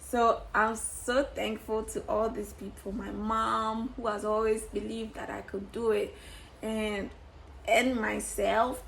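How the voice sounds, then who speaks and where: A woman's voice: mid-range voice, little pitch movement, takes it slowly, creaky, a little hiss or hum, poor audio. A young woman vlogging to camera in a candid, exuberant way, laughing often and swearing casually.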